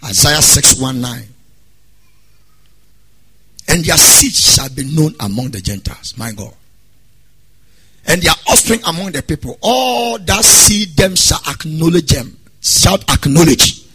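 Male pastor, sermon, husky and bright, loud sung-out preaching. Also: fairly high pitch, animated, unhurried, pauses often. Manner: preaching with sudden loud exhortations and sung phrases.

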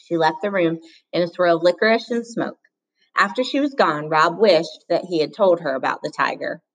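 A woman narrating a children's novel in a calm, even reading voice. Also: fairly low pitch, normal speed, poor audio. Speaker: audiobook reader. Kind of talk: storybook narration.

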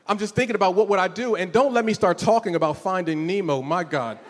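A man's voice: high voice, fast, long reverb tail, slight background noise. A man in his forties preaching a conversational, emotional sermon in a church, often repeating words as he starts a thought. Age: 40s. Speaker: pastor.

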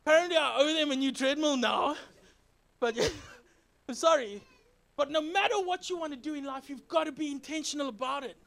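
A man with a notably high voice preaches a sermon in a relaxed, conversational tone. He moves between lively, joking storytelling and earnest, repeated exhortations to his congregation. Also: normal speed, gravelly. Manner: animated, joking storytelling with sound effects. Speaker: pastor.

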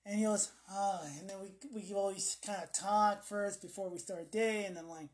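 A man's voice: high voice, fairly even intonation, a little fast. A man co-hosting a podcast in casual chat, telling rambling stories that trail off. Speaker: podcast co-host.

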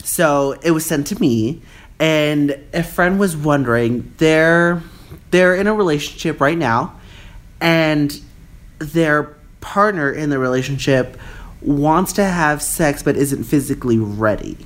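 A woman's voice: sits low, takes it slowly. A young woman co-hosting a casual podcast from a bed, bantering playfully and giggling often. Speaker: podcast co-host. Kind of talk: casual chat. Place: bedroom, on a bed.

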